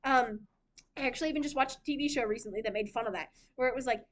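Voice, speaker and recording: A young woman with a high voice talks about writing in a library workshop. She is chatty and giggly and fills gaps with ums. It sounds like a casual class. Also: very fast. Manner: chatty, giggly, lots of fillers. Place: library room.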